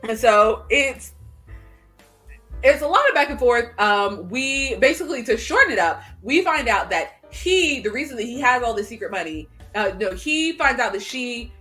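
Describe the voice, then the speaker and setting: A young adult woman in casual chat, retelling a show's plot in an animated way and acting out characters' lines in quick voices. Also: a little high, soft background music. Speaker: podcast co-host.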